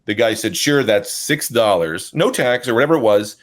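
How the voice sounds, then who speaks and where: A man co-hosting a comedy podcast, telling anecdotes with animated quoted voices. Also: medium pitch, moderate pace. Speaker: podcast co-host. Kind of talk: casual comedic chat.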